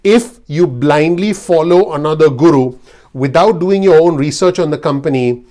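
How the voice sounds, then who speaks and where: A man with a slightly high, somewhat mellow voice speaks directly to camera. He gives his video audience blunt, earnest investing advice.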